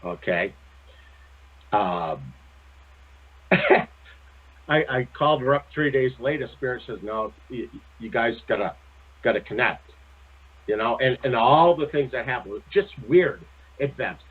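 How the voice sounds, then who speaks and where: A man telling stories as a guest in a casual chat, animated and laughing often, with some salty language, heard over a tinny phone-like line. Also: medium pitch, unhurried, long pauses, slightly rough. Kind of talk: casual anecdotal storytelling.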